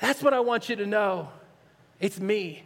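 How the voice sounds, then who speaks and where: A male pastor preaching a sermon with earnestness, swinging from near-shouts to hushed, low asides. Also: animated, measured pace, vocal fry. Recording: long reverb, echoey hall.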